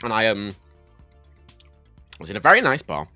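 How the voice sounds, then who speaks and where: A man from Ireland, chatting casually on a livestream, telling stories in an animated, sweary way. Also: fairly low pitch, moderate pace, no room sound, faint music behind. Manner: animated, sweary storytelling, reads chat aloud. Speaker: livestream host.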